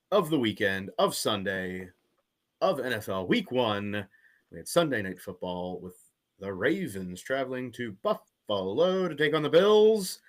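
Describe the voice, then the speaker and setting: A man's voice: mid-range voice, fairly bright tone. A man co-hosting a sports podcast, recapping games in casual chat with an announcer-like lilt. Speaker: podcast co-host.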